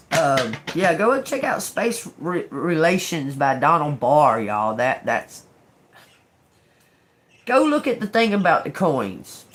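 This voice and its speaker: Woman, livestream tarot host, slow drawl, lower voice, faint room hum behind. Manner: rambling, emphatic, talks straight to viewers. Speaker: tarot reader hosting a livestream. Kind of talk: casual livestream chat. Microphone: phone or webcam livestream.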